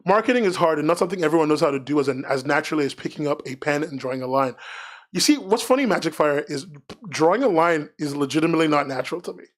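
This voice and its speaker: A fairly high-voiced man talking on a live stream. He rambles loosely, frank and self-mocking, and keeps the chat loose and unscripted. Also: animated, fast. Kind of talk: casual livestream chat.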